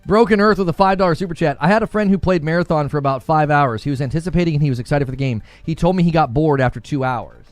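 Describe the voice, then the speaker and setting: A man's voice: a little high, fast, hardly any pauses, no room sound, soft background music. A man streaming live, chatting with viewers and laughing often as he acts out mock dialogue. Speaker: gaming streamer.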